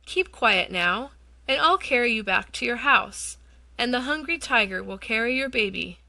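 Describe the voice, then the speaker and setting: A woman's voice: a little high, expressive, normal speed, creaky, sharp tone, no echo, heavily acted. A woman voicing a big, lazy male lion who is kindly at heart, in a children's storybook reading. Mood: gentle. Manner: drowsy, thoughtful.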